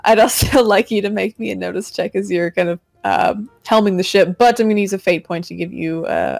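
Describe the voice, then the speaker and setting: A woman's voice: medium pitch, gravelly. A woman game master narrating a pirate tabletop game in an easygoing, chatty way. She laughs often and swears casually as she runs the scene.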